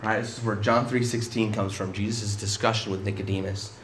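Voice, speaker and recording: A man's voice: on the low side, flat delivery, fairly quick, reverberant, a little hiss or hum. A male pastor preaching a sermon in an emphatic, conversational way, often breaking off and restarting his sentences.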